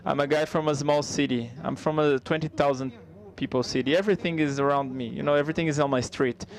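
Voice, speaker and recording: Male live interpreter voicing a comedy routine; somewhat high pitch, conversational, halting with restarts. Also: fairly even intonation.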